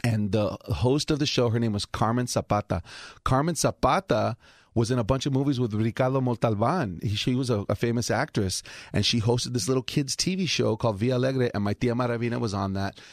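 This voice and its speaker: A man's voice: mid-range voice, a little fast, no room sound. A man in a recording studio, animatedly telling family stories on a talk show and acting out his relatives' voices. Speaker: guest storyteller. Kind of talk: casual anecdote on a talk show.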